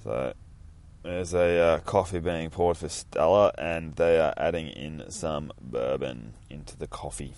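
Aussie bloke reading a comic out, very deep voice, swears a lot, dry sound. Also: male voice, a little slow, darkish tone, no room sound. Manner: profane, chatty, narrating panels. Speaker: comic reader. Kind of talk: casual comic read-aloud.

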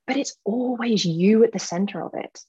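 A woman's voice: a little high, normal speed, darkish tone, breathy edge, highs cut off. A woman coach on a group call, talking with fiery passion and swearing freely as she pushes a client on. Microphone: video call.

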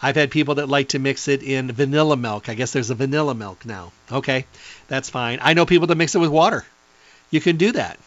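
A middle-aged man giving an enthusiastic, rambling product pitch as a nutrition presenter, reeling off long lists. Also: fairly quick, a bit bright, dry recording, muffled recording.

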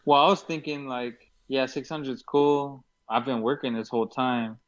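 A man's voice: mid-range voice, fairly even intonation, moderate pace. Laid-back man, slightly dull recording. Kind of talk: casual chat.

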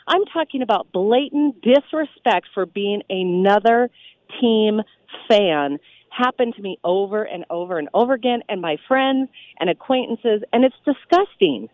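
A woman, a radio DJ, calling in to a sports radio show and telling stories with emphatic, animated delivery. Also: fairly high pitch, moderate pace, no echo. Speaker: radio DJ guest. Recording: tinny phone line.

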